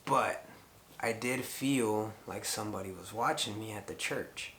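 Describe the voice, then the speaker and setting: A man's voice: on the low side, unhurried, sharp tone, echoey room, slight background noise. A middle-aged man telling a rambling story to the camera, full of fillers as he retells conversations. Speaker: paranormal vlogger.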